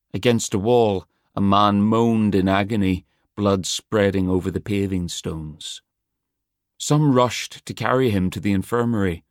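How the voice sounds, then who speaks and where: A man narrates a dramatic tale at an unhurried, deliberate pace, in a somewhat low voice. The recording is close and dry, with no room sound at all. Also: dry recording. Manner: measured, dramatic storytelling. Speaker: audiobook narrator. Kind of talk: scripted narration.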